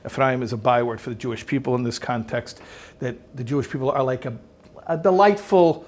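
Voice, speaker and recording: A man's voice: medium pitch, brisk, a little mellow. A man teaching as a rabbi in a conversational style, emphatic, asking rhetorical questions and letting his volume swell and drop.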